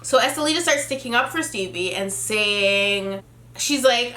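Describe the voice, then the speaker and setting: Woman with a high, bright voice; animated, profane recap host in an echoey room. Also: normal speed. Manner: animated, profane, laughing, quoting cast members. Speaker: reality TV recap vlogger. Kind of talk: casual episode recap.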